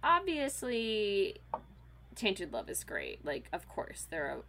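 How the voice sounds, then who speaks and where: A woman in her thirties, a podcast guest, telling a weekend story in a casual, animated way, full of fillers and quoted voices. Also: mid-range voice, slow pace, a little hiss or hum. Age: 30s.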